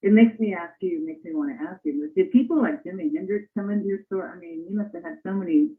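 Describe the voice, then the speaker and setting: A woman's voice: on the low side, quick pace. A woman hosting a casual interview, enthusiastic and asking about the old days. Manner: enthusiastic, reads a quote aloud then asks. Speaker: host. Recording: tinny phone-like line.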